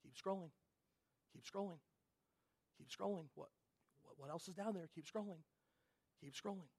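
A man's voice: fast, a bit bright. A man voicing his smartphone as a needy voice that keeps begging for his attention. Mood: hushed urging. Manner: pleading, then a low urging murmur.

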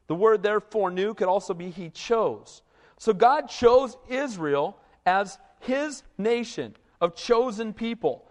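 A man's voice: sits high, in a large hall. A man preaching a sermon as a pastor, talking conversationally and often tossing "right?" to the congregation. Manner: animated, conversational preaching with frequent "right?" asides. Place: church.

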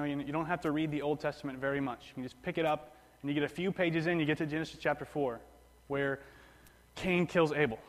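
A male pastor delivers a sermon in a plain, conversational way, often going back over his words and restarting phrases. His voice sits a little high for a man. A long reverb from the hall trails each phrase. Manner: conversational preaching with repetitions and restarts.

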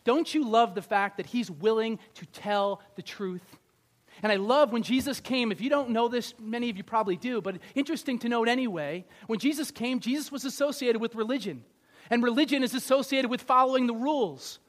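A male pastor giving a conversational, animated sermon, acting out little scenes. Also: extremely high pitch, a little fast.

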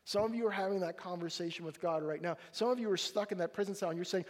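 A middle-aged male pastor preaching a sermon, animated and acting out the voices of people in the story. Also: high voice, quick pace, hardly any pauses. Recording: long hall reverb.

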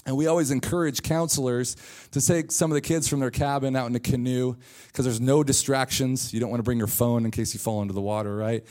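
A man's voice: medium pitch, level tone, fast, a little mellow. A man preaching a sermon in church, casual and joking as he retells a story. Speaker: pastor.

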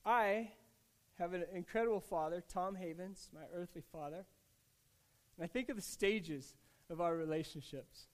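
A man preaching a sermon, earnest and conversational, with frequent restarts and casual asides. He swings between hushed, tender lines and louder, emphatic ones. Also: sits high. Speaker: pastor.

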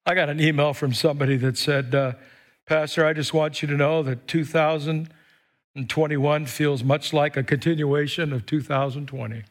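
A man preaching an animated sermon as pastor in a church, urging the congregation to say lines back and whooping between them. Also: fairly high pitch, normal speed. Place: church with live stream. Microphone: microphone.

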